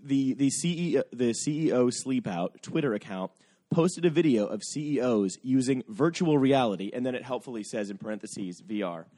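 A man with a mellow, dark-toned voice chats loosely on a comedy podcast. He rambles through his stories, full of filler words. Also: medium pitch, lively intonation, moderate pace. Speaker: podcast host. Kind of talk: casual comedic chat.

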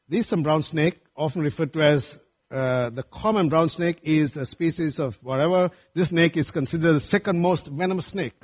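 A male preacher delivers a sermon in a slightly raised, husky voice. He talks to the congregation with lively asides, often asking "right?" and calling them friends. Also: on the high side. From Sri Lanka. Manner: animated, often asks listeners "right?" and calls them friends.

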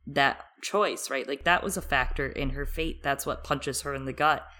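A woman's voice: extremely low pitch, normal speed, pushed and bright. A woman on a book podcast who summarizes passages and analyzes the characters. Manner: reads passages aloud, analytical. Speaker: podcast co-host. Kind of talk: casual book discussion.

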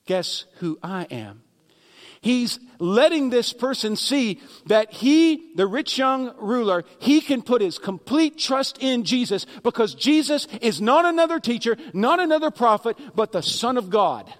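A man's voice: very high-pitched, expressive, unhurried, hardly any pauses, long reverb tail. A man pastor delivering a sermon in a conversational preaching manner, with sarcastic asides, in a church sanctuary.

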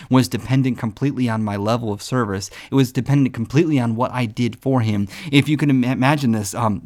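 A man hosting a devotional podcast. He teaches in a casual, earnest, storytelling way and often says "man.". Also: medium pitch.

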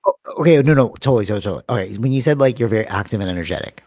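A man in his thirties with a fairly low voice, talking fast and animated as he hosts a casual podcast. He leans on "like" and "you know" all the time and keeps the energy up while he shares his thoughts. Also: slightly rough. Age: 30s. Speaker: podcast host.

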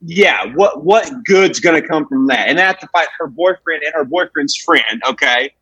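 A young man with a drawl spins a crude, lively comedy story, his voice a touch husky and sitting slightly high. The sound is close and dry, with no room around it. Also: moderate pace, no echo, poor audio. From Alabama, USA. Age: 20s. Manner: animated, profane storytelling with acted-out quotes. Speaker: comedian guest. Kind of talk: casual podcast chat.

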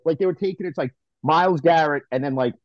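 A man's voice: a little high, fast talker, no room sound. Ranting man on a dull lo-fi mic. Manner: ranting, exasperated, stumbles on repeats. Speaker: podcast co-host. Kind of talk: casual sports chat. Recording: dry, dull lo-fi sound.

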